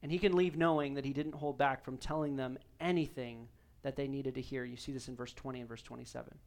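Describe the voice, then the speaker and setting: A man's voice: mid-range voice, steady tone, fast, vocal fry, darkish tone. A male pastor preaching a sermon in an earnest, emphatic way, repeating key phrases for weight.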